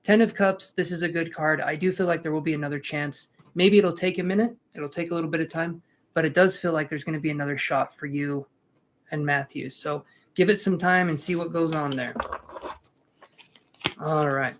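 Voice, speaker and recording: A man hosts a live tarot reading in a relaxed, chatty way. His voice sits a little high for a man. He calls out viewers' names and jokes between draws. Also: moderate pace. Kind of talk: casual live-stream chat.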